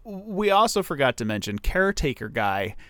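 A man's voice: mid-range voice, sing-song, normal speed, sharp tone, no echo. Podcast co-host, male, clean resonant voice, dry close sound, sarcastic plot recap. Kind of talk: casual movie review chat.

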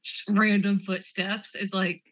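A woman's voice: medium pitch, little pitch movement, measured pace, fairly bright tone, no echo. A woman playing her character in a tabletop role-play game, chatty and full of filler words. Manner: chatty, uses lots of likes.

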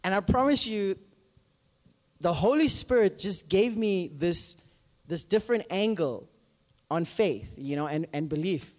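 Preaching at a measured pace, this male pastor has a high-pitched voice with wide swings, and a long reverb makes him sound like he's in a big hall. His sermon is conversational and story-driven, animated and full of fillers, with frequent questions to his listeners.

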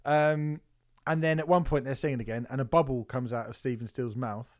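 A man co-hosting a podcast in casual chat, an animated storyteller who laughs and swears a lot. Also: medium pitch, brisk. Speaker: podcast co-host.

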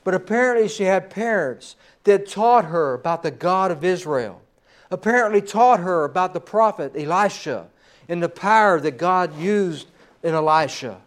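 High-voiced man preaching a sermon. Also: expressive. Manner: preaching with rising emphasis and trailing pauses. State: slightly hoarse. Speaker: pastor.

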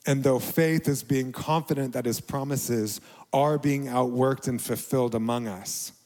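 A middle-aged male pastor giving a reflective, confessional sermon, with quiet dips to near a whisper. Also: mid-range voice, steady tone, measured pace, in a large hall.

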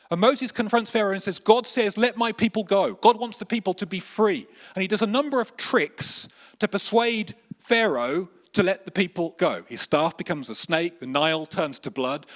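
A male preacher delivers a sermon in a fairly high speaking voice. His delivery is animated, swinging between emphatic, raised points and quiet, slowed-down lines. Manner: animated storytelling, shifts between emphatic and hushed.

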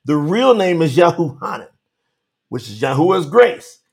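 Lively high-voiced male preacher. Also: vocal fry. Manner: animated, calls out to chat viewers by name; Southern-style 'y'all' address, drawn-out emphatic reading. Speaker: preacher on a live stream. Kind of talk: livestream sermon reading scripture.

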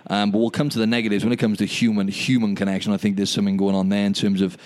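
Fast-talking man, deep voice. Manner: animated storyteller, says "mate" and "you know what I mean" a lot. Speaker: podcast co-host. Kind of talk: casual podcast chat over video call. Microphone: video call.

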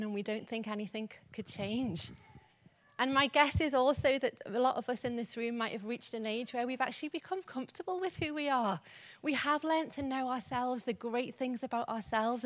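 Woman preacher, chatty church sermon with laughing asides, voice a touch high. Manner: warm, conversational, laughing asides. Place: church service.

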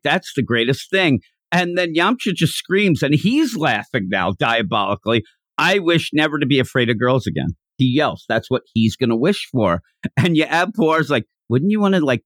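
A man's voice: mid-range voice, fairly bright tone, no echo. A man co-hosting a podcast, chatting casually as he recaps a comic and acts out the characters' lines. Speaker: podcast co-host.

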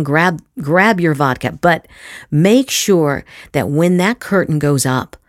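A middle-aged woman giving an acting master class, emphatic and lively, slipping into demonstration voices. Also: deep voice, dry recording, studio quality. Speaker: acting teacher.

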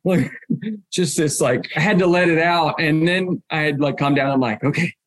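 A man guest on a podcast, adding to his wife's story in an excited way. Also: a little high, moderate pace, dry recording. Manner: excitable, chimes in beside his wife. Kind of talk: casual interview.

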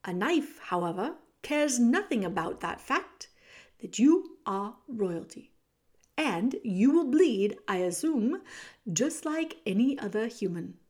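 A woman voicing a sly male rat villain who speaks with smooth, mocking politeness. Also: a little high, big pitch swings, takes it slowly, a little mellow, full character voice. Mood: silkily threatening.

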